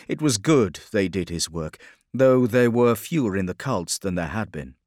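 Low-voiced man narrating an audiobook. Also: no room sound, clean studio sound.

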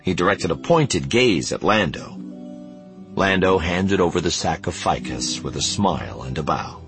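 Low male narrator, lively delivery, audiobook with score underneath. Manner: low, measured, even storytelling. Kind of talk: scripted narration. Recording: studio audiobook with music.

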